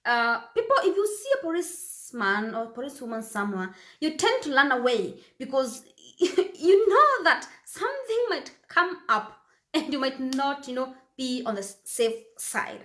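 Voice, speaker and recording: A woman's voice: high voice, fairly bright tone, echoey room. A woman from Kenya, talking casually to camera as a vlogger and repeating phrases for emphasis.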